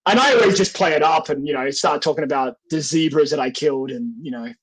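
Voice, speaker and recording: Goofy high-voiced man with a mild Australian accent. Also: fast talker, breathy edge, low-quality recording. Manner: goofy, joking, self-deprecating. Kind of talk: casual chat.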